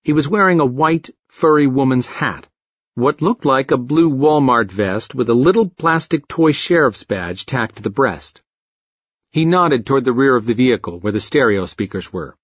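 Husky man narrating a frantic story. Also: medium pitch, expressive, moderate pace, dry recording. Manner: profane, frantic, darkly comic storytelling. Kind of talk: first-person audiobook narration. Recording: dry, slightly muffled lo-fi recording.

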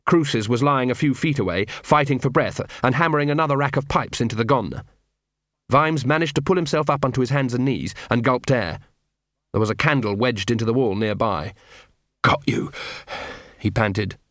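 A man narrating a story in a steady storytelling manner, lightly voicing the dialogue. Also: mid-range voice, brisk, no room sound, studio quality. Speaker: audiobook narrator. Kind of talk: scripted narration.

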